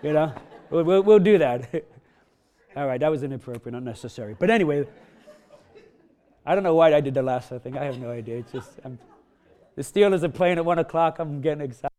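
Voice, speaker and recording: A man's voice: medium pitch, brisk, long pauses, a little mellow. A male pastor preaching a sermon in a casual, rambling way that builds into emphatic exhortation.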